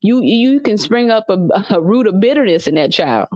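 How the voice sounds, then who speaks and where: A woman in a casual interview, telling her story in a lively way, breaking into laughs and leaning on scripture like a preacher. Her mid-range voice comes through a dull, lo-fi recording. There is no room sound at all. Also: medium pitch, normal speed, dry recording. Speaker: interview guest, mother. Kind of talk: casual conversational testimony.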